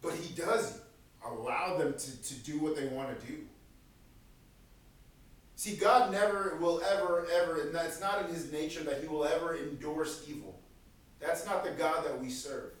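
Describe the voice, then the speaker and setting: Animated male preacher, high voice, boomy hall sound. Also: normal speed. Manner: animated, acts out voices of God and prophets. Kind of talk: sermon. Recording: echoey room from far off.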